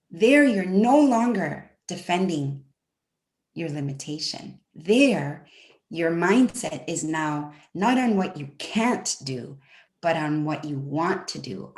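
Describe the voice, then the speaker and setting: A woman, a language coach, answering interview questions in an animated way and acting out the voices she quotes. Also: on the low side. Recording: roomy echo.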